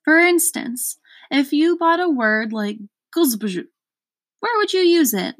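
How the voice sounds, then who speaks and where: A fussy, proper male count from a storybook, as a woman reader puts him on. He explains with emphasis in a raised, slow voice. The sound is dry. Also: high voice, big pitch swings, no echo, pitched above the performer's own voice, full character voice. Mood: emphatic.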